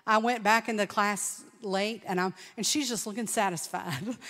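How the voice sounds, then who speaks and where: A middle-aged woman telling a personal testimony at a conference, lively and storytelling, acting out what people said. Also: mid-range voice, normal speed, few pauses. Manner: animated storytelling with laughs and acted-out quotes. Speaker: conference speaker. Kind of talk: testimony sermon. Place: large church hall. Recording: long hall reverb.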